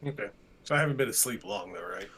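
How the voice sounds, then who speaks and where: Guy playing a tabletop game, gravelly, dry and skeptical. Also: a little high, animated, fast talker, a bit bright. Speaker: player. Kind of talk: in-character tabletop role-play.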